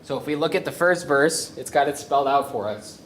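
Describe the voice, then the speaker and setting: A man's voice: mid-range voice, fairly bright tone. Guy teaching chant at a workshop, lots of ums, echoey room with a faint hiss. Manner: halting with many fillers, hums melodies to demonstrate. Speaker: music workshop presenter. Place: conference room with a live audience. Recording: roomy echo from a lecture space.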